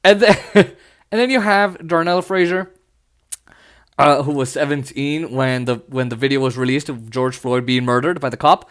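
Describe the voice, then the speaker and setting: A man's voice: mid-range voice, normal speed. A man hosting a solo podcast, talking bluntly and with passion, breaking into mocking asides. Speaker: podcast host.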